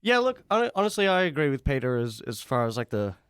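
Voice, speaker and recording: A man's voice: mid-range voice, sing-song, quick pace, a bit bright, clean tone, dry recording, studio quality. A man guest on a casual podcast, making sardonic jokes. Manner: joking, sardonic. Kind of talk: casual chat.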